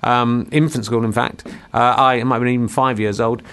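Man, co-host, casual comedy chat, jokey storyteller, quick delivery. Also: medium pitch, fairly even intonation, fairly bright tone, clean tone. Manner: quick, jokey storyteller doing silly voices. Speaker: podcast co-host.

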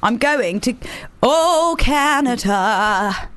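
A woman's voice: fairly high pitch, expressive, fairly quick. A woman co-hosting a radio show, chatting in a rambling, giggly, self-deprecating way. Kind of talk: casual on-air banter.

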